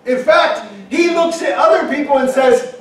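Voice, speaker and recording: Man, pastor, emphatic sermon, high voice, heard from far off in a booming hall. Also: moderate pace. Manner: emphatic, rising to shouts, acting out quoted objections. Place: church hall.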